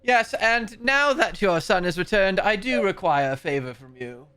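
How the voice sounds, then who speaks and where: A man's voice: high-pitched, lively intonation, normal speed, sharp tone, clear, resonant tone, dry recording, voice pushed up. A man voicing an imperious abbot who coldly demands payment for a favor. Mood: commanding. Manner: haughty, commanding, clipped demands.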